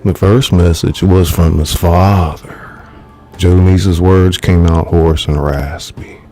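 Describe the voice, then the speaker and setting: A man, an author, reading his own thriller novel aloud in measured, dramatic storytelling. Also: low voice, steady tone, mellow, faint music behind. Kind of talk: live audiobook narration.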